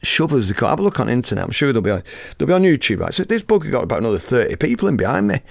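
A man in his fifties hosting a podcast, telling a story in a lively, casual way, acting out the scene and swearing freely. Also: mid-range voice, racing, creaky, no echo, studio quality. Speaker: podcast host and musician.

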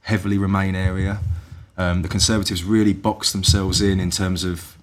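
A man in a casual political chat, laying out electoral analysis in a measured way with a few fillers. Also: low-pitched, little pitch movement.

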